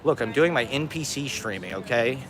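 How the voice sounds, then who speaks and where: A man's voice: medium pitch, lively intonation, brisk. A stoned man live streaming from a city street on a phone, rambling and swearing, laughing often. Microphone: phone on a selfie stick. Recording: busy street traffic noise. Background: city traffic.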